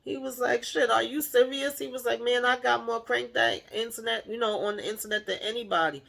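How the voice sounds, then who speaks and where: Animated woman retelling a show, gravelly edge. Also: a little high, brisk. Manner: animated retelling, playfully acts out the characters' lines; laughs while retelling. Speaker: TV show recapper. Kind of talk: casual episode recap.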